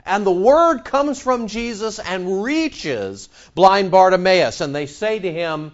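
A man's voice: high-pitched, animated, slow, few pauses, lo-fi sound. A man preaching a sermon to his congregation. He asks rhetorical questions and repeats phrases for emphasis. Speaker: pastor.

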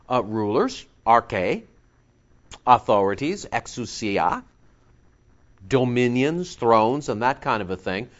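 Man, pastor, conversational sermon, animated pitch, muffled lo-fi sound. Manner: lively, conversational preaching with asides and self-corrections.

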